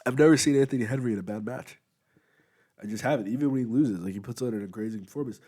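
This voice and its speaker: A man's voice: medium pitch, fast talker, mellow. A man giving a rambling, casual review of a wrestling show, full of fillers, talking as he eats at home. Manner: rambling, loose, many fillers. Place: at home, eating while recording.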